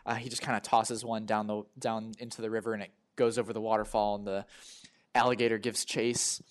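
A man's voice: fairly low pitch, flat delivery, a little fast. A young man, a player, narrating his character's actions in a tabletop game, rambling with lots of "like" and "kinda".

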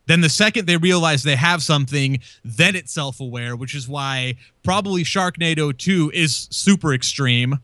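A man's voice: fairly high pitch, normal speed, hardly any pauses, pushed and bright, dry recording. A man in casual chat, rambling and swearing freely with many restarts.

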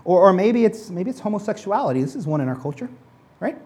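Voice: medium pitch, sing-song, quick pace, a little mellow. A pastor preaching a conversational sermon to a congregation, often restarting and repeating words, and acting out people's excuses in mock voices.

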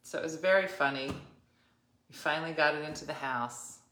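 Middle-aged female host, chatty, lower voice, recorded in an echoey room. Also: normal speed, slight background noise. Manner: animated, laughs often, acts out quoted people. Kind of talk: casual storytelling chat. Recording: roomy echo.

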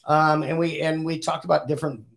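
A man's voice: a little high, little pitch movement, brisk, gravelly, fairly bright tone. A man co-hosting a casual home podcast, easygoing, laughing often and swearing now and then. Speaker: podcast co-host. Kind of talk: casual chat.

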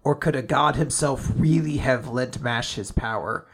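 A man's voice: medium pitch, a little slow, a little hiss or hum, voice pushed down, lightly acted. A man voicing an arrogant male villain with time magic, reading his lines as a puzzled, haughty questioner while recapping a comic. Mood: baffled.

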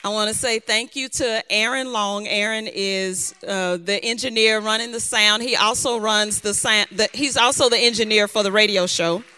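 A woman's voice: mid-range voice, normal speed, few pauses, sharp tone, clean tone. A woman giving chatty thank-yous to an audience in a church, sometimes tripping over names. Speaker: event speaker giving thanks. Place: church hall. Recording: long hall reverb.

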